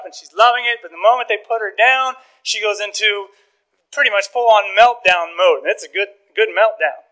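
Man, preacher, high bright voice, animated storytelling, chuckles between points. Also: low-quality recording. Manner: animated storytelling, acts out dialogue, chuckles often. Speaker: pastor. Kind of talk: sermon.

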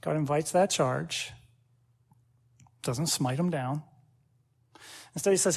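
A man preaching a sermon in an animated way, acting out quoted prayers and dialogue and laughing often. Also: mid-range voice, normal speed, long pauses. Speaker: pastor. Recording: long hall reverb.

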